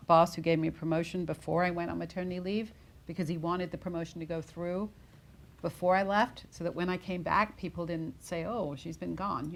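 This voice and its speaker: A woman in her forties speaks on a discussion panel, her voice low and gravelly with a rough fry. She talks candidly and reflectively, pausing on fillers and restarting her sentences as she works through her point. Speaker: panelist, newsroom leader.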